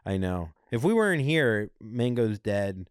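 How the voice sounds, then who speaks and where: A man's voice: on the low side, big pitch swings, a little slow, clear, resonant tone, no echo, clean studio sound. A man co-hosting a casual podcast chat, telling a story with jokes, swearing and funny quoted voices. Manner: joking, profane, acts out quotes in funny voices. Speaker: podcast co-host.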